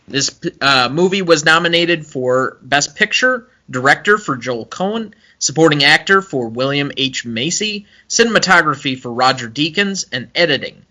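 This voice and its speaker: A man's voice: on the high side, sharp tone. A young man co-hosting a casual movie-review podcast, chatty and analytical, with frequent fillers. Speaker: podcast co-host.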